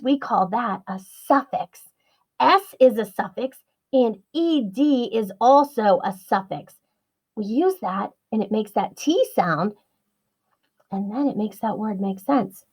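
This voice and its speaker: Sing-song woman teaching young children. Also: a little high. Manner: slow, sing-song and encouraging, stretching words out for young learners. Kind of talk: children's online writing lesson.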